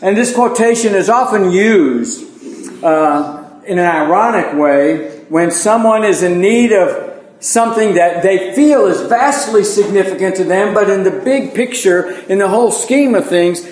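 A man's voice: high-pitched, expressive, a little slow, darkish tone, reverberant, rough recording. A man preaching an evening Bible lesson in a conversational sermon style, folksy and self-deprecating, with plain asides to his congregation.

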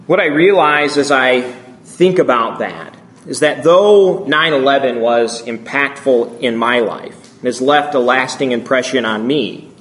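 A man in his thirties telling a story in a sermon, speaking in a slow, measured, hushed way with long pauses. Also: medium pitch. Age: 30s. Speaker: speaker addressing a congregation.

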